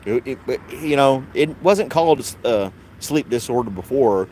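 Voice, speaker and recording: A man's voice: mid-range voice, animated, moderate pace, dark tone, slight background noise. A man hosting a casual podcast chat, rambling and wry, laughing at his own jokes. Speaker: podcast host.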